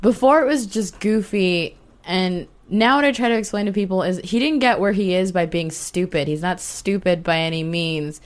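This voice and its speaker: Sarcastic woman podcast co-host, low voice. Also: normal speed. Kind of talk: casual chat.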